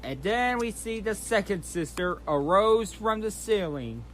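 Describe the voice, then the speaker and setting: A man's voice: high voice, lively intonation, unhurried, a bit bright, slight background noise. A man hosting his channel, recapping in a casual, rambling way, often restarting and repeating himself. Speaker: channel host recapping a trailer.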